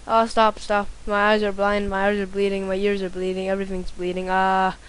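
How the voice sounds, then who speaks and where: A woman doing let's play commentary, excitable, swearing a lot and yelling at the game. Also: medium pitch, brisk, noisy background. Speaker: gameplay commentator.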